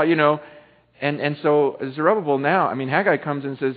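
A man with a high voice preaches a sermon, animated and conversational, slipping into voices for the characters he describes. The sound is thin and narrow, like a phone line. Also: a little fast. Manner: animated, acts out voices of biblical people, casual phrasing. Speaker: pastor. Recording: tinny phone-like audio.

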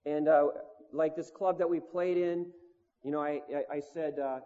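Recorded lo-fi in a hall with long reverberation, a man who preaches and leads a touring band delivers a casual, self-mocking storytelling sermon, often saying "like" and "you know." His slightly high, dark voice has fairly even intonation and a moderate pace.

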